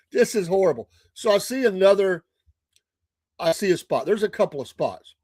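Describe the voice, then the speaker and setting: A man's voice: high-pitched, big pitch swings, moderate pace, darkish tone, breathy edge, dry recording, studio quality. An older man with a Southern US accent telling a casual story on his morning show, chatty and laughing often.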